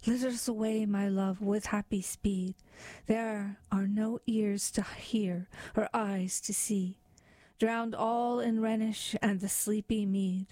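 A woman voicing an ardent young male lover in a slow, tender poetry reading. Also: medium pitch, warm tone, no echo, close to an everyday voice.

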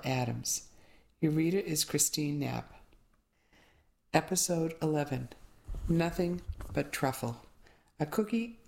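Woman, audiobook narrator, low voice, steady storytelling. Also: gravelly. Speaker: audiobook reader.

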